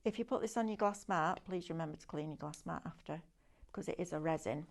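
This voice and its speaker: Hosting a live craft shopping demo, this woman talks fast in a low voice with vocal fry. Her manner is chatty and enthusiastic, mixing sales pitch with hands-on product demonstrations.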